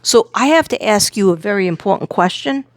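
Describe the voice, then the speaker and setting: A woman doing a psychic tarot reading, reading out card words in lists and retelling messages with animated energy. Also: mid-range voice, brisk.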